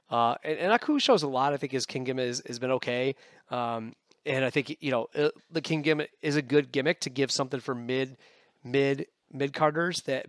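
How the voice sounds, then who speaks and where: A man's voice: mid-range voice, fairly bright tone, no echo, studio quality. A man reviewing a wrestling match for a podcast, rambling and repeating words. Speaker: podcast contributor.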